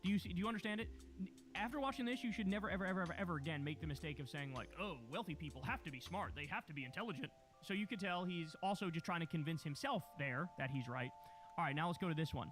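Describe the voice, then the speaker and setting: A man's voice: sits high, racing, fairly bright tone, soft background music. A man streaming reaction commentary on clips, blunt and ranting, swearing heavily.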